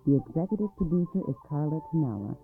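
A man's voice: on the high side, big pitch swings, fast, over music. A man narrating a folk tale for a radio storytelling program, reading expressively and dramatically. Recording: dry, tinny phone-like sound.

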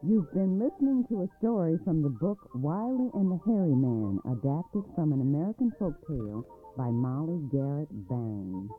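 A man's voice: a little high, very animated, normal speed, faint music behind. A man narrating a folk tale for a radio storytelling program, reading expressively and dramatically. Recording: dry, tinny phone-like sound.

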